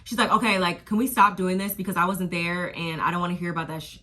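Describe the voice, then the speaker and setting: A woman vlogger talks through a reality show episode in a loose, gossipy way, tossing in slang as she goes. Her voice sits a little low yet comes across bright and forceful. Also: steady tone, quick pace. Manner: gossipy, slangy, drifts into quoting people. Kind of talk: casual chatty episode recap.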